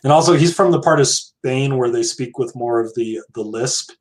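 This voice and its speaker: At a moderate pace and medium pitch, an American man co-hosts a podcast. His manner is relaxed and talkative, full of hedges and detours into side topics.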